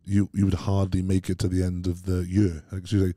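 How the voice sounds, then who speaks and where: A very low-pitched man talks quickly in a casual interview, with a dark, mellow tone. He rambles through lively stories and keeps calling the host "mate." His voice is recorded close and dry. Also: no room sound. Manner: rambling, animated storytelling peppered with "mate". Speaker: podcast guest, strongman athlete.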